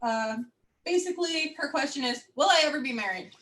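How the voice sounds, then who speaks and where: High-voiced woman host reading questions. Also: expressive, brisk, a bit bright. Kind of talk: casual livestream hosting.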